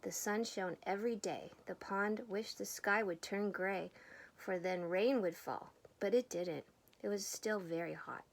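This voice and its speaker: A woman reading a picture book aloud, gently, often dropping to a whisper. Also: medium pitch, measured pace, vocal fry. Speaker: storyteller.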